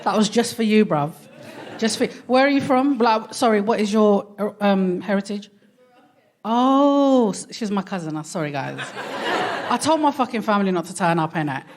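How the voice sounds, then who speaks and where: A stand-up comedian and co-host from Hackney, London, performs on a London theatre stage before a live audience, speaking with a London accent. Her mid-range voice is animated and at normal speed, over a noisy background, and her comedy is cheeky, slangy, and self-mocking.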